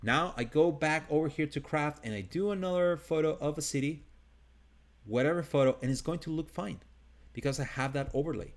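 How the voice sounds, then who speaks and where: A man's voice: a little high, a little fast. Man, non-native English accent, live design lesson, casual, upbeat, thinking aloud. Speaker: design instructor. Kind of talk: live screen-share design tutorial.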